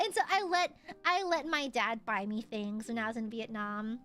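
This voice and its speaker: A woman's voice: a little high, moderate pace, a bit bright, faint music behind. A young woman streamer in casual chat, rambling and laughing often. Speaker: VTuber streamer.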